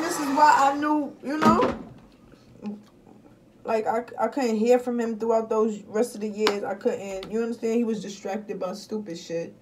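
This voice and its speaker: A woman venting bluntly and profanely to her viewers in casual talk, swinging between muttering and loud outbursts. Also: on the high side, normal speed, noisy background. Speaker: vlogger.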